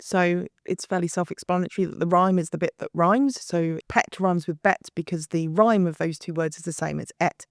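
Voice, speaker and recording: A woman forensic linguist, a podcast guest, explaining her analysis step by step in a measured way with some fillers. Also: fairly low pitch, fairly even intonation, dry recording, clean studio sound.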